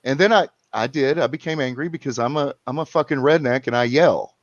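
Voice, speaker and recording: A man's voice: medium pitch, a little fast, dry recording. Rambling man on a muffled line. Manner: rambling, restarts and repeats while telling a story. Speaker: caller. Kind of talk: casual chat. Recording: muffled lo-fi sound.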